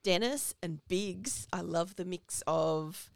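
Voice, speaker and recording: A woman talks through a movie's plot in a relaxed, chatty podcast conversation. Her voice sits fairly low with a gravelly edge. The sound is dry and close. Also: slow, no room sound. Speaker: podcast co-host. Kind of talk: casual movie discussion.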